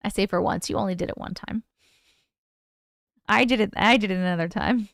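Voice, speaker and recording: A woman's voice: medium pitch, brisk, vocal fry, pauses often, dry recording, studio quality. A woman hosting a live stream, chatting casually and answering viewer comments aloud. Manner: asks viewers to vote. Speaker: livestream host. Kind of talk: casual livestream chat with viewers.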